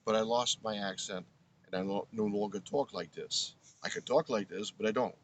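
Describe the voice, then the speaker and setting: Older man, low earnest voice. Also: moderate pace, slight background noise. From Brooklyn, New York. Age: 70s. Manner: earnest, reflective, restarts phrases often. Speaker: guest, former radio broadcaster. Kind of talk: interview storytelling.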